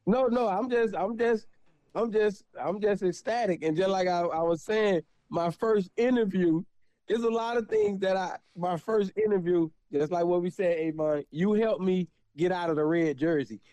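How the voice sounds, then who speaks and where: A man's voice: high voice, moderate pace, dark tone, no room sound. A man in his forties from South Florida, a guest reminiscing in a casual chat, slangy and often repeating himself.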